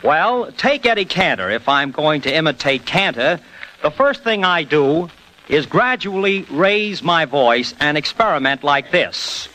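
A man's voice: a little high, very animated, measured pace, pushed and bright, rough recording. A man as a guest on a scripted vintage radio interview, explaining his craft in a jokey way.

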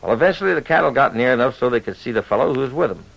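Heard on a lo-fi vintage radio recording, this male host and storyteller rattles off a western yarn rapid-fire in a folksy cowboy drawl. His voice is medium-pitched, creaky, and a bit bright, with lively intonation.

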